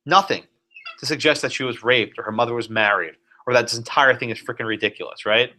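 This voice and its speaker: A man, a law professor, giving a classroom lecture, animated and sometimes sarcastic, putting questions to students. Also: medium pitch, fast talker.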